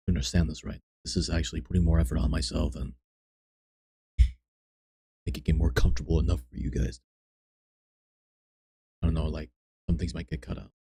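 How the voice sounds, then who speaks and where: A man streaming, chatting softly and bluntly with viewers on a close microphone, teasing and swearing. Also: deep voice, vocal fry, husky, no room sound. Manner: blunt, profane, teasing chat. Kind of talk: soft-spoken ASMR stream chat. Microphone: close desk microphone.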